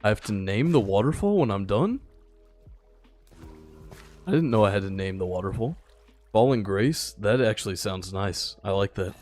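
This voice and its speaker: A tired young man giving relaxed, rambling live-stream commentary while he plays, chatting with his viewers. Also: lowish voice, normal speed, long pauses, soft background music. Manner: laid-back, rambling, chats with viewers. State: a little tired. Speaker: gaming streamer.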